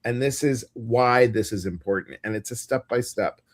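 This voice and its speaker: A man co-hosting a casual live-stream show, talking in a chatty, animated storytelling way. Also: medium pitch, normal speed. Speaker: co-host of a live intuitive show.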